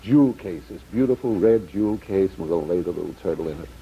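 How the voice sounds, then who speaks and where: A man's voice: low-pitched, lively intonation, warm tone, breathy edge, pitched below the performer's own voice, heavily acted. A man playing a father who coaxes his son, piling on promises in a rush, in a joke on a vintage comedy talk show. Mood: coaxing. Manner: rapid, coaxing, piling on promises. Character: hurried soothing father comforting his son. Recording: dull lo-fi old TV audio.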